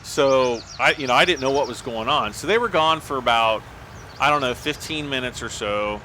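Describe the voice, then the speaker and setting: A man's voice: medium pitch, normal speed, pushed and bright, slight background noise. A man on a livestream telling a long personal story in a casual, rambling way, full of restarts and "like".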